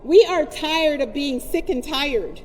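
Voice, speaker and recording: A woman's voice: high voice, expressive, takes it slowly. Indignant woman addressing a press gathering. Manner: forceful, indignant, repeating points for emphasis. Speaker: community advocate speaking at a press conference. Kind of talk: impassioned public speech. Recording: long reverb, faint background noise.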